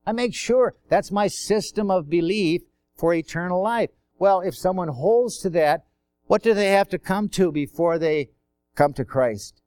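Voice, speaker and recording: A man preaches a sermon in a high, smooth, slightly mellow voice, keeping it conversational with rhetorical questions and acted-out quotes. The recording is dry and close, with no room sound.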